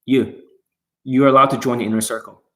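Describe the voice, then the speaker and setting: A man's voice: mid-range voice, flat delivery, a little fast, a bit bright. A man coaching viewers on dating in a livestream Q&A, talking bluntly and aggressively, swearing often and speaking straight at his audience. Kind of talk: profane livestream Q&A rant.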